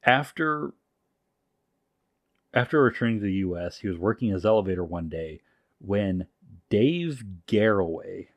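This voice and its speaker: A man co-hosting a podcast, telling a story in casual, profane, animated talk. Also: lowish voice, measured pace, long pauses, dry recording, lo-fi sound. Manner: animated, profane, full of restarts.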